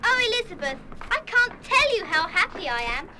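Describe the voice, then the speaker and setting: A woman voicing a shy, tender-hearted schoolgirl who gushes softly, in 1970s radio play style. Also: very high-pitched, sing-song, moderate pace, heavy background noise. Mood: grateful. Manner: breathless, gushing delight turning to quiet hurt.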